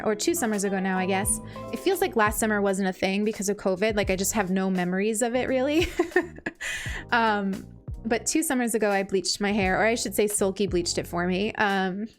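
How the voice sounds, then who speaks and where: A woman live-streaming from home, chatting casually and gushing as she reads out and thanks her viewers, with many fillers. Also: medium pitch. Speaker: streamer reading chat. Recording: faint background music.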